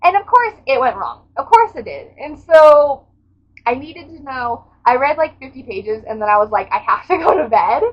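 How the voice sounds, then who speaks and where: Woman, book vlogger, casual recap, gushing, dramatic, swears a lot, higher voice, dull lo-fi sound. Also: big pitch swings, moderate pace.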